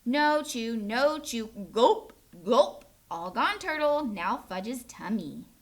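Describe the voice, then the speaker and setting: Lady doing a giggly little toddler boy, baby talk, singsongy and lively. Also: a little high, slow. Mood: gleeful. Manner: babyish broken speech, sing-song.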